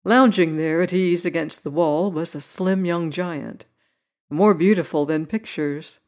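An audiobook narrator reading a classic novel with measured, even storytelling. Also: medium pitch.

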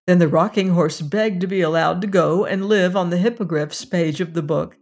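A measured storyteller reads a fairy tale aloud with a gentle, even delivery. The voice sits at a middle pitch, neither high nor low, and slows down for the dramatic moments.

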